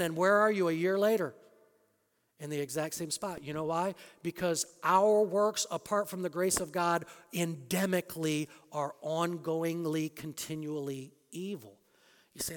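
Male pastor, sermon delivery, emphatic with loud peaks and low drops, slightly high voice, big hall reverb. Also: moderate pace. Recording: long reverb of a large hall.

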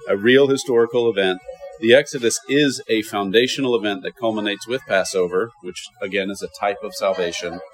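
On a rough recording, a low-voiced man leads a class through a Bible lesson. He keeps things lively by posing rhetorical questions and answering them himself.

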